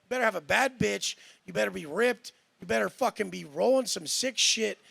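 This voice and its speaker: A man's voice: high voice, expressive, brisk, vocal fry, pushed and bright, breathy edge. A man in a heated panel debate, talking in a profane, boastful and combative way. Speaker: panel guest.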